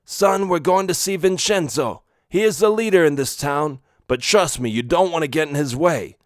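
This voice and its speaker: A man's voice: a little high, moderate pace, no echo, studio quality, pitched above the performer's own voice, lightly acted. A man voicing a stern, protective gangster father, firm and warning in tone, read in a storybook.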